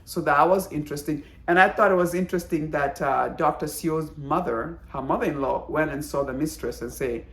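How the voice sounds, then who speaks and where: A woman's voice: low voice, brisk, hardly any pauses. Chatty woman in an echoey room. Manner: chatty, animated, exclaiming. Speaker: drama reviewer. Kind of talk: casual video review.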